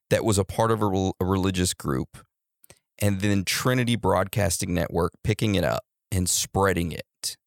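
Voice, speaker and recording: A man with a low, gravelly voice chats on a podcast, slowly turning ideas over and drawing out his questions. The sound is dry and close. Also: no echo. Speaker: podcast co-host. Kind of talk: casual podcast chat.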